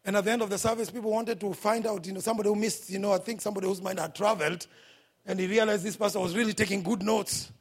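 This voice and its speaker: Man, Kenyan accent, pastor, impassioned sermon, shifts from hushed to shouting, very high voice, husky. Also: steady tone, rapid-fire. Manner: impassioned preaching that swings between hushed asides and shouts. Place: church service.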